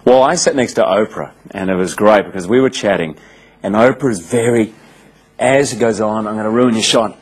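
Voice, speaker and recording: A man, telling animated stories in a casual interview with frequent restarts. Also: fairly low pitch, slightly rough, rough recording. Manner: animated storyteller, quick restarts. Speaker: interviewed actor.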